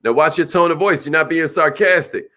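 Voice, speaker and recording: A man giving an animated motivational sales seminar, calling out to the audience. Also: fairly high pitch, a little fast. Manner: animated, preacherly, calls out to the audience. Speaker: sales trainer.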